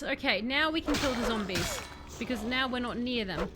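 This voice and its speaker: A woman streams a game with music in the background, chatting animatedly with her viewers as let's-play commentary, mocking herself and reading their messages aloud. Her voice is fairly high-pitched, at a moderate pace.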